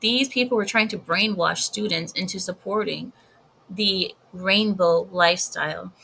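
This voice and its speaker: A woman's voice: on the low side, a little slow, creaky, sharp tone, a little hiss or hum, low-quality recording. A woman giving blunt, emphatic commentary in a casual vlog, often repeating herself for effect. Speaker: video commentator.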